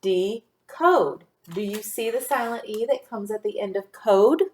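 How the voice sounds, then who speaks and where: A woman teaching a phonics lesson to young children in a patient, clear teacher voice, sounding out letters one by one. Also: mid-range voice, steady tone, moderate pace, dark tone.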